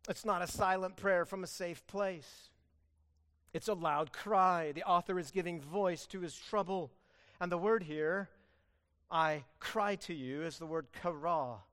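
A man preaching a sermon as pastor, earnest, swinging between loud pleading and hushed emphasis. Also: high voice.

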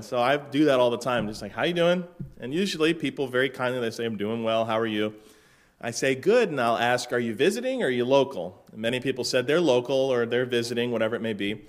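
Chatty Florida man pastor with dry humor. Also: mid-range voice. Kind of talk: casual sermon-opening story.

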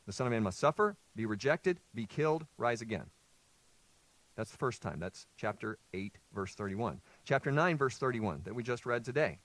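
A man's voice: mid-range voice, animated, normal speed, a bit bright, no room sound. A male pastor preaching a sermon. He reads scripture aloud, explains it, and puts questions to the listeners before answering them himself.

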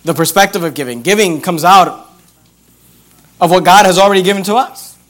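A man preaching a sermon as pastor, reading scripture aloud and driving points home by repeating key phrases and stretching verses out slowly. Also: high-pitched, a bit bright.

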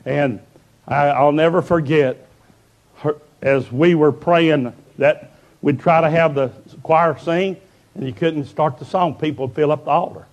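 A preacher delivers a fervent revival sermon in a fairly high voice. He tells stories with growing intensity and often rises to full shouts. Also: unhurried. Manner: fervent storytelling, building to shouts.

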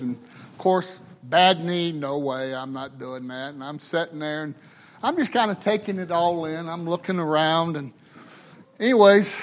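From the pulpit, an American pastor with a fairly high voice tells a funny story, speaking slowly in a folksy, chatty style. He repeatedly checks in with listeners using tag questions.

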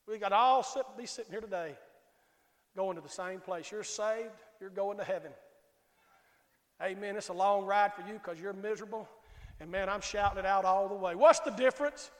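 A Southern male pastor with a high-pitched voice preaches in a folksy, storytelling way. He keeps calling out to his congregation as he goes. His voice rings through a reverberant church sanctuary. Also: normal speed. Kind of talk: sermon.

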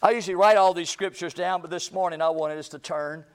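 A man preaching a sermon to a church congregation, reading scripture aloud with dramatic pauses and swinging between loud declarations and hushed lines. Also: high-pitched, steady tone. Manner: reads scripture aloud in a slow, deliberate cadence. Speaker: pastor. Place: church sanctuary.

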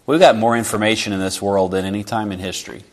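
A man's voice: fairly low pitch, steady tone, fast. A man preaching a sermon in an earnest, conversational way, sometimes acting out short exchanges.

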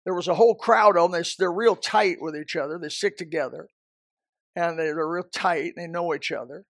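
A man's voice: a little high, a little fast, a bit bright, no echo, clean studio sound. A man preaching a sermon as a pastor, emphatic and repetitive, often restarting his sentences.

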